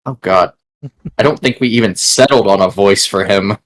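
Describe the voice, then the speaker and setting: A man's voice: fairly low pitch, moderate pace. A man playing a tabletop game who laughs often and swears casually. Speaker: player.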